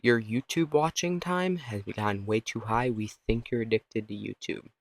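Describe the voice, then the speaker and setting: A man's voice: medium pitch, normal speed, no room sound, close to an everyday voice. A man voicing a phone that sits its owner down for a serious talk. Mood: stern. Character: stern parental phone voice.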